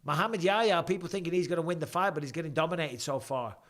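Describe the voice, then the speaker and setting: Talking fast in a bright, high-leaning voice, a man in his forties streams fight commentary from home. He jokes around casually, reading viewers' questions aloud and responding.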